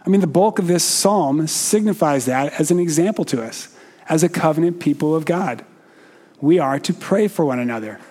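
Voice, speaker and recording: A man preaching a sermon in a slow, measured way with frequent pauses, sometimes putting questions to the congregation. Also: a little high, animated, a little mellow.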